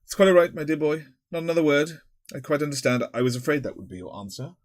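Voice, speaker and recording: A fussy, pompous elderly headmaster, played by a man reading aloud, winds through long formal sentences with small stumbles. The voice sits fairly low and is recorded close and dry, with no room around it. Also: lively intonation, normal speed, no echo. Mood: kindly. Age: older. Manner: long-winded, pompous, with hesitations.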